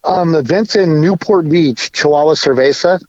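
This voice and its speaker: A man talking casually as a podcast guest, laid-back and a bit halting. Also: on the high side, a little mellow, no room sound. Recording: dull lo-fi audio.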